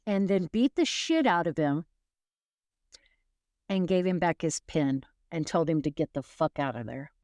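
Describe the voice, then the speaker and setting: A woman narrates a grim case in an easy, conversational way, wandering into asides and restarting her sentences. Her voice sits a little low and clean, taken up close with no room sound. She takes her time with every line. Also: animated, measured pace, a little mellow, no room sound. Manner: rambling, self-correcting, wry asides. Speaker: true crime podcast host. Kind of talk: casual true crime storytelling.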